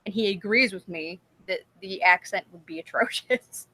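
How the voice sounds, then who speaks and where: Profane, animated woman livestream co-host. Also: mid-range voice, normal speed. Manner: profane, animated, laughing often. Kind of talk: casual livestream chat.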